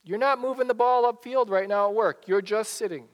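A man's voice: sits high, a little fast, long reverb tail, highs cut off. A male pastor giving a sermon in a conversational way, often repeating and restarting his phrases. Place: church sanctuary.

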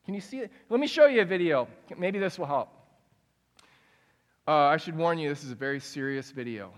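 A man's voice: a little high, animated, a little fast, in a large hall. A man giving a conversational sermon as pastor, often asking his listeners questions. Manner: conversational, asks the audience questions.

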